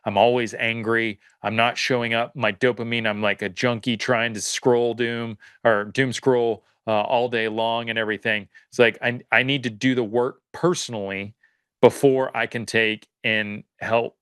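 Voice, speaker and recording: A man's voice: mid-range voice, level tone, moderate pace, fairly bright tone, clean tone, no echo. A man speaking as a podcast guest, earnest and reflective, often circling back and restarting his thoughts. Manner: earnest, searching, lots of fillers and restarts. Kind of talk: casual reflective conversation.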